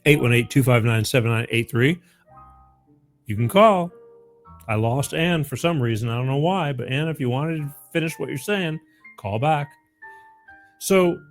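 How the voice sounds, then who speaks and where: A man's voice: fairly high pitch, darkish tone. A middle-aged man hosting a call-in show, chatting casually and rambling, with frequent laughs and repeats. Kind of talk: casual call-in radio chat.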